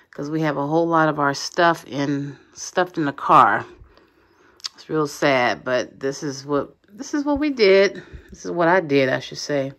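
Low-voiced woman vlogging, hoarse with a cold. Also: no echo. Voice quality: weak, partly whispering voice. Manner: chatty, thankful, self-correcting. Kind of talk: casual vlog talk. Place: parked car.

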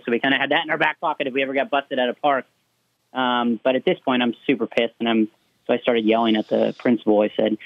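A man, a youth basketball coach calling in, telling a story in a heated, halting way with many fillers, heard over a tinny phone line. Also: medium pitch, steady tone, no echo. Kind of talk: casual storytelling.

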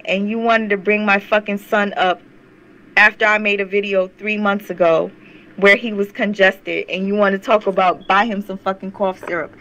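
A woman's voice: mid-range voice, level tone, moderate pace, fairly bright tone, poor audio. Heated profane young woman ranting. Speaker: YouTube commentator. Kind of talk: angry rant to camera.

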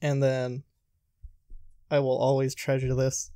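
A man's voice: medium pitch, completely flat delivery, takes it slowly, mellow, dry recording, clean studio sound. A man hosting a podcast, chatting casually and rambling with crude jokes. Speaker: podcast host. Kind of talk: casual chat.

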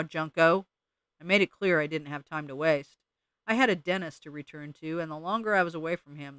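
Crisp, bright-voiced male audiobook reader. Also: a little high, dry recording. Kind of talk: audiobook narration.

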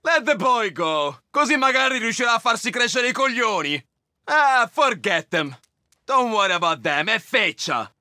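A man's voice: very high voice, big pitch swings, normal speed, sharp tone, no echo, clean studio sound, exaggerated voice. A man with an Italian accent voicing a menacing, swaggering mob henchman in a video game, tossing out threats and Italian curses. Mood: threatening. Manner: threatening, swaggering, mixes Italian phrases into English. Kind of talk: video game ambient dialogue.

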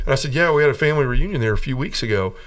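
A man's voice: mid-range voice, lively intonation, rapid-fire, a bit bright, clean tone, recorded from a distance. A middle-aged man from the American South giving a personal testimony in a podcast interview, storytelling earnestly and acting out the voices of the people in his story. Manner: earnest storytelling, acts out quoted voices, laughs between lines. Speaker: guest telling his conversion story.

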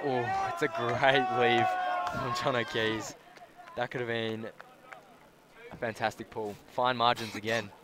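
Aussie guy doing play-by-play outside, gets loud on big plays, crowd noise all around. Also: medium pitch, measured pace. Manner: excitable, rising sharply on big plays, jokey asides. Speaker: sports commentator. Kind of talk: live play-by-play commentary. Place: outdoor sports field sideline. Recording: crowd noise and outdoor ambience. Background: crowd and outdoor noise.

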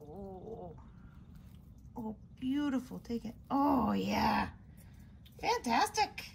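Animated, chatty woman tarantula keeper. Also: mid-range voice, a little slow, vocal fry, a little hiss or hum. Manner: chatty, gushing at her spiders, trailing fillers. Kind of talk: casual narrated vlog.

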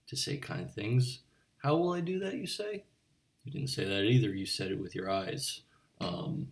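A man voicing an eccentric, pedantic bartender in a comic monologue, rambling and digressive with chatty asides to the listener. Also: lowish voice. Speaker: bartender character. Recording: voice a bit far from the mic.

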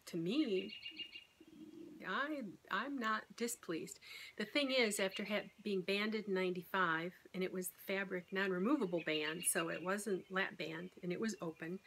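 A woman's voice: lowish voice, a bit bright, a little hiss or hum. A middle-aged woman talking candidly and rambling in a casual vlog about her weight-loss surgery. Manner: rambling, candid, self-deprecating.

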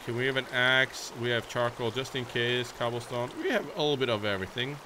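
A young man talks through his game in a playful, chatty way, addressing his viewers as friends and now and then shrieking or cooing at his horse. His voice sits at an ordinary middle pitch. The home recording carries a clear layer of background noise. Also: quick pace. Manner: bursts into shrieks and baby talk at his horse. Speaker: gaming YouTuber. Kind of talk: Minecraft let's play commentary.

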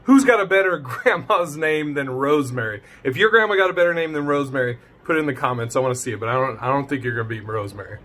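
A man's voice: medium pitch, expressive, fast, hardly any pauses, bright, forceful tone. A man giving casual reaction commentary, laughing often and swearing freely. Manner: laughing, profane and chatty. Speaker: video creator reacting to a clip.

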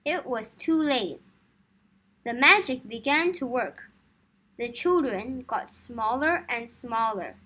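A woman reading a children's story aloud for English learners, slow, clear and careful. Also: fairly high pitch, expressive, pushed and bright.

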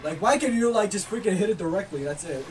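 A gaming YouTuber giving loud, excitable commentary, yelling and swearing at opponents while playing. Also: medium pitch, quick pace, distant mic.

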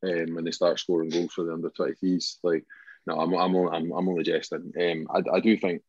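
A man's voice: deep voice, flat delivery, fairly quick, a little mellow, dry recording. A Scottish man co-hosting a football podcast in casual chat, thoughtful and hedging, often restarting his phrases. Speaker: podcast co-host. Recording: dull lo-fi podcast audio.

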